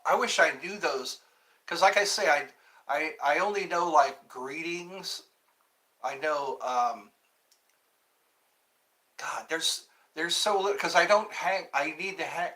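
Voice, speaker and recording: A man's voice: a little high, sharp tone, low-quality recording. A man hosting a casual live stream, chatting in a rambling, self-interrupting way. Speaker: livestream host.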